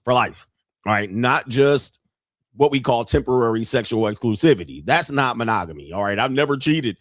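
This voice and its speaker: A man's voice: mid-range voice, lively intonation, normal speed, no room sound, studio quality. A man in his fifties hosting a livestream, talking in a crude, joking, brash way. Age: 50s. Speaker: livestream host. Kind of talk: casual livestream commentary.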